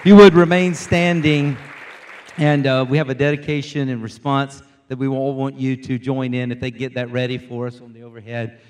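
Pastor giving instructions to a congregation. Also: male voice, mid-range voice, level tone, moderate pace, a little mellow, some chatter behind, a little hiss or hum. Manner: plain, instructive announcements. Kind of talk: leading a church service. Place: church.

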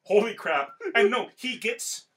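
A man casually recapping an anime as a podcast co-host, rambling and animated with lots of fillers. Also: high voice, unhurried.

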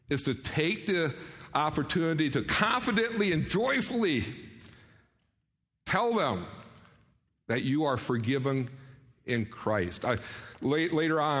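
A man's voice: on the high side, fairly bright tone, big-room sound. A man preaching a sermon in an earnest way, often putting questions to his audience.

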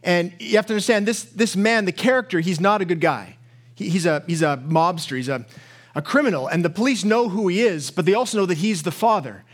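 A man's voice: high voice, a little fast. A male pastor preaching a sermon, telling stories with rising passion and often repeating words as he builds. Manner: impassioned storytelling, repeats words when worked up.

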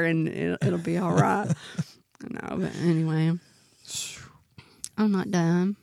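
A woman's voice: on the low side, steady tone, unhurried, vocal fry, pauses often, darkish tone, no echo, clean studio sound. Chatty, self-deprecating woman podcaster. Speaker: podcast co-host. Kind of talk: casual chat.

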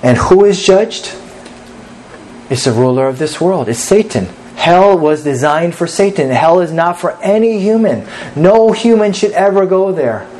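A man's voice: high voice, lively intonation, a little slow, darkish tone, a little hiss or hum, rough recording. A man preaching an earnest sermon as pastor, reading scripture aloud and pressing his points with rising emphasis.

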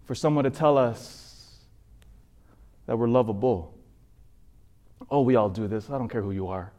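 A man giving an emotional sermon testimony, pleading, with halting repetitions as he tells his story. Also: mid-range voice, mellow.

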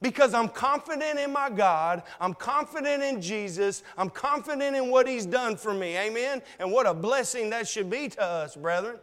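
Male preacher, folksy sermon delivery, smooth clear voice, long hall reverb. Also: very high-pitched, animated, a bit bright. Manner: folksy, conversational preaching with dramatic pauses. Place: church sanctuary.

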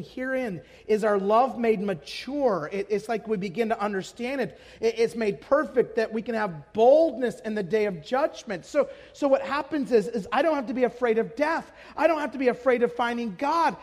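A man preaching a passionate sermon as pastor, swinging between hushed tones and shouts. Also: very high-pitched. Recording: long hall reverb.

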